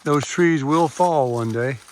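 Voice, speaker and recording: A man's voice: on the high side, slow, slight background noise. An older man vlogging casually while hiking a wooded trail, chatting to viewers through his camera's built-in mic. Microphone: camera mic, no external microphone.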